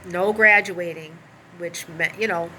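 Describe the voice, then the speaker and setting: Bright-voiced woman telling an emotional personal story. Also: lowish voice, measured pace, slight background noise, poor audio. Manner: animated, rambling, with many asides and fillers.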